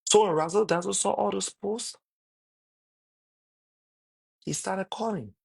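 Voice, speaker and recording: Gravelly, husky man recounting drama. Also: high voice, takes it slowly. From Liberia. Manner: repetitive, emphatic retelling of conversations. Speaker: online commentator. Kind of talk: casual storytelling monologue.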